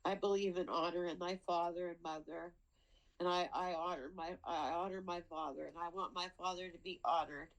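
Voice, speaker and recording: A woman's voice: lowish voice, fairly even intonation, rough recording. A woman speaking on a video call at a hearing, pleading for her father, often repeating words and fighting tears. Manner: halting, repeats words, tearful. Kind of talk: emotional plea over a video call.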